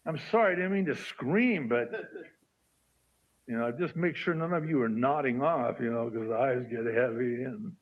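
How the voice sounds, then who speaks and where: A man's voice: mid-range voice, moderate pace, muffled recording. A man joining a livestream, reading out a list of predictions with dramatic, teasing buildup. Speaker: guest on a livestream. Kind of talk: reading a list aloud with commentary.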